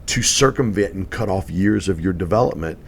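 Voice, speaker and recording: A middle-aged man with a very low voice tells a story on a podcast, his delivery animated and rising in pitch and volume when he gets excited. Faint noise sits under the recording. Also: brisk, gravelly. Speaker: podcast guest, real estate coach. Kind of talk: storytelling in a casual interview.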